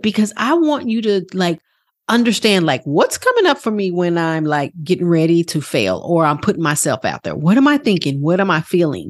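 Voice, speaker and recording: A woman with a husky, slightly breathy voice speaks as a wellness coach on her podcast. Her pitch swings widely as she presses her points with earnest, casual energy. She swears freely and acts out little quoted voices. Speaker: wellness coach and program host. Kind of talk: motivational podcast talk.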